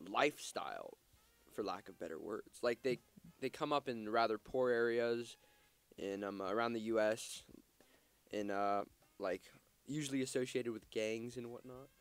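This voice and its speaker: A young man co-hosting a student radio talk show, chatting loosely and quick to push back. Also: mid-range voice, clean tone, no echo. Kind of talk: casual panel discussion.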